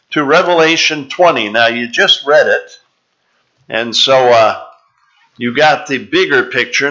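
A man preaching a sermon in a church, teaching slowly and deliberately and drawing out the scripture he reads aloud. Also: mid-range voice, pushed and bright. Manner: slow, deliberate preaching with drawn-out scripture reading. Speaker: pastor. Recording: dull, slightly lo-fi sound.

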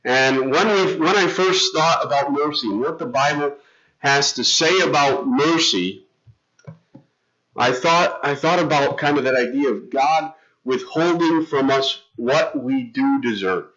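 A man's voice: mid-range voice, measured pace, fairly bright tone. A middle-aged man preaching as a pastor, storytelling in a casual, conversational way with frequent restarts. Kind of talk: sermon. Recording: dull lo-fi sound.

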